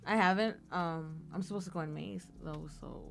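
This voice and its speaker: A woman's voice: fairly low pitch, moderate pace, gravelly, a little hiss or hum. A young woman from North Carolina, a guest on a radio date show, chatting in a shy, giggly way. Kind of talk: casual chat. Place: college radio studio.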